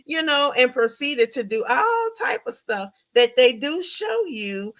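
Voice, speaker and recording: A woman's voice: sits high, unhurried. Chatty woman recapping a film. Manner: chatty, animated retelling with laughs and questions to chat. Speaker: podcast host reviewing a film. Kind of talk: casual livestream film recap.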